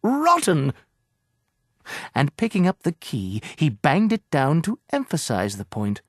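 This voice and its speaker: A man giving a scripted, measured and expressive audiobook narration. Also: on the high side, dry recording, studio quality.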